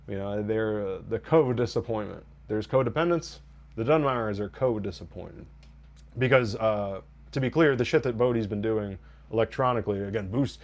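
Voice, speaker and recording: A man's voice: medium pitch, darkish tone. A man hosting a TV review podcast, recapping an episode in a rambling, wry way and quoting scenes in mock voices. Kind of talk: casual spoiler recap and review.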